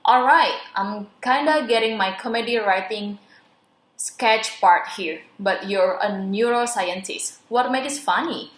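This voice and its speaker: A woman's voice: mid-range voice, measured pace, a bit bright. A young adult woman, a student, reading a radio interview script aloud with careful pacing and small slips. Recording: roomy echo.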